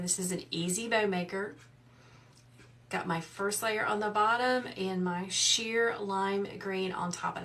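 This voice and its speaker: A woman, hosting a live wreath-making tutorial in a soft, soothing, chatty way while she reads out viewers' comments. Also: medium pitch, distant mic. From South Carolina. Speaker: wreath maker and livestream host. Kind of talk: live craft tutorial chat.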